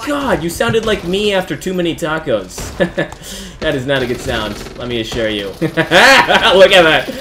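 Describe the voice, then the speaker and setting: A man giving excited gameplay commentary, shouting exclamations and cracking jokes to his viewers. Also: on the high side, measured pace, a little hiss or hum. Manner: loud exclamations, jokey asides to viewers. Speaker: gaming YouTuber.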